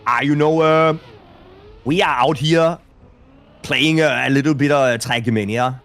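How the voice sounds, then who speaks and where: A man's voice: mid-range voice, a little slow, fairly bright tone, voice pushed up. A man putting on an exaggerated Danish accent. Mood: playful.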